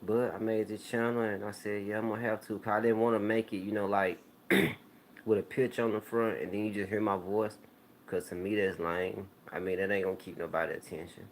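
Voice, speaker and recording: A man hosting his own YouTube channel, telling stories to viewers in a relaxed, rambling way with plenty of slang. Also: on the low side, brisk, a little hiss or hum. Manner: laid-back, rambling storytelling with slang. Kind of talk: casual talk to viewers.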